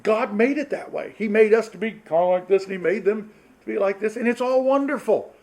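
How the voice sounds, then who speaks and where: A man's voice: sits high, a little fast, a little mellow, poor audio. A middle-aged man speaking to a church marrieds group, telling folksy stories with laughs and acted-out quotes. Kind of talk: storytelling sermon talk.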